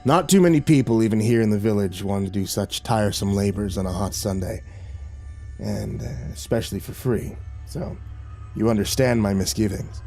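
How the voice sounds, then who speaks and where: A man's voice: fairly low pitch, normal speed, creaky, warm tone. A man voicing a wary village committee head who speaks politely with an uneasy, hedging manner. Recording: faint music behind.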